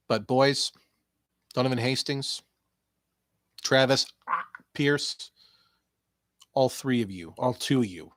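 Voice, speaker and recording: A man hosting a casual podcast alone, rambling and joking, swearing freely and swinging from mumbled asides to loud outbursts. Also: mid-range voice, slow, pauses often, no room sound, studio quality. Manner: joking, swearing, jumps between quiet asides and loud bursts. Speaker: podcast host.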